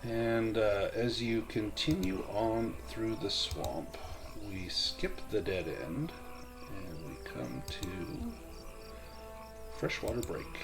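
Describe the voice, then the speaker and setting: A man narrating as game master of a tabletop game, relaxed and quick to laugh. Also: lowish voice. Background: faint music.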